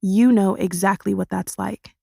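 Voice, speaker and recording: A woman voicing a cold, condescending young man in an audiobook, speaking in a quiet, clipped, low-key way. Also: steady tone, measured pace, vocal fry, slightly rough, no echo, clean studio sound, exaggerated voice. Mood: grim, earnest. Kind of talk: audiobook character voice.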